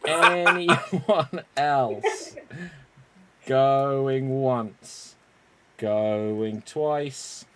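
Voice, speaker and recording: A man hosting an online improv game over a video call, unhurried and chuckling as he calls on players by name. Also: medium pitch, a bit bright, a little hiss or hum. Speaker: improv show host.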